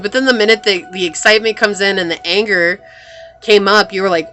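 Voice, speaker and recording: A woman's voice: mid-range voice, brisk, pushed and bright. A woman giving a pick-a-card tarot reading in a chatty, reassuring way, full of "like" and "you know". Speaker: tarot reader.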